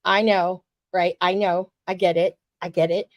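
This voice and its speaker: A woman's voice: on the low side, level tone, normal speed, dry recording. A woman from the US West Coast co-hosting a casual wrestling podcast, emphatic, profane and fired-up. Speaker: podcast co-host.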